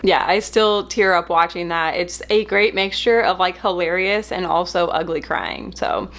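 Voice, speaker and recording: A woman's voice: lowish voice, normal speed, background noise. A young woman, the bride, narrating her vlog in a chatty, laughing way.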